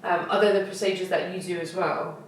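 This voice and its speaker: A woman's voice: lowish voice, fairly even intonation, fairly quick, a little hiss or hum. A woman co-hosting a podcast, rambling as she searches for words and laughs it off. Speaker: podcast co-host. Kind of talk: casual chat. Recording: roomy echo, distant mic.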